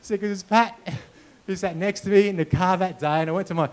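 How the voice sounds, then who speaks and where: The man's voice is high and runs a little fast as he gives a storytelling keynote to an audience in a conference hall. He performs the dialogue and sound effects along the way.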